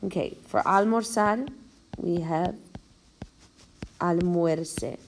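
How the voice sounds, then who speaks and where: Speaking in a lowish voice, a woman language teacher gives a careful, step-by-step video lecture, slowly counting out syllables. There's a little hiss or hum in the recording.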